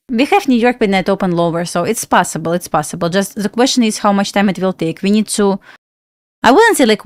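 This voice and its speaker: A mid-range voice with a Belarusian accent comes from a woman from Belarus hosting a trading livestream. She's chatty and laughs a lot, reading viewer questions aloud and answering them, in clean studio sound with no room sound.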